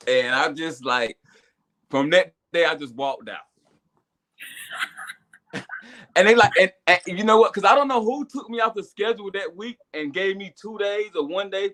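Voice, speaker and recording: Animated man telling his story. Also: normal speed, long pauses. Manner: animated storytelling, repeats words, builds to excited high bursts. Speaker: podcast guest, business owner. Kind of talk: casual testimony chat.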